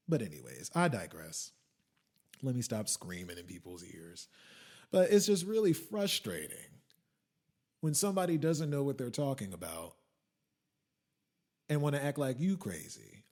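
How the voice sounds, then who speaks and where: A man hosting a podcast, telling a story as a profane rant that swings from muttering asides to shouting. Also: medium pitch, big pitch swings, normal speed. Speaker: podcast host. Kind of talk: ranting monologue.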